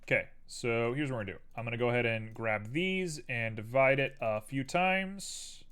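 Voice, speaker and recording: A man's voice: medium pitch, normal speed, fairly bright tone, clean tone. A man hosting a live stream, casually chatting and thinking aloud to viewers as he builds a 3D model.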